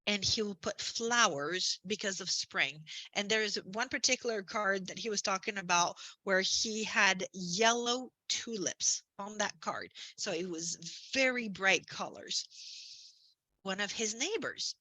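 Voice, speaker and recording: A woman coaching realtors in an upbeat, chatty way, full of little asides and self-corrections. Her voice is bright and forceful, and it sounds dry and close with no room echo. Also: medium pitch, unhurried. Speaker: business coach. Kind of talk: conversational marketing presentation.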